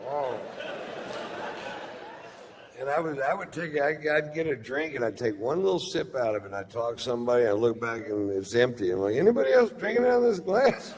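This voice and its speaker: A man's voice: mid-range voice, normal speed, big-room sound. A man doing stand-up, telling a long anecdote in a laid-back, profane storytelling manner on stage. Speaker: stand-up comedian. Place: comedy stage before a live audience. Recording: live show with steady background noise.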